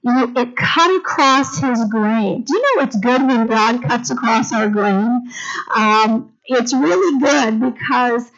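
Woman preaching, lively, muffled recording. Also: a little high, takes it slowly, a crowd in the background. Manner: animated, calls for congregation responses. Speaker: Bible teacher. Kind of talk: sermon. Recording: dull lo-fi recording.

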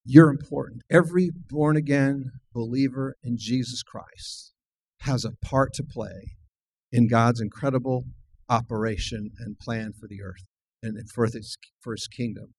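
A man's voice: medium pitch, fairly even intonation, a little slow, darkish tone, slightly rough, dry recording, rough recording. A middle-aged man, a minister, preaching a sermon and telling a personal story in an earnest way. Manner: earnest, storytelling, frequent restarts.

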